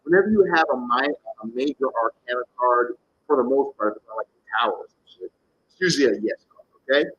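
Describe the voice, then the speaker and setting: A man's voice: mid-range voice, a little fast, breathy edge, dull audio. A man giving live tarot readings to viewers, talking bluntly, animatedly and with casual swearing. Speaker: tarot reader.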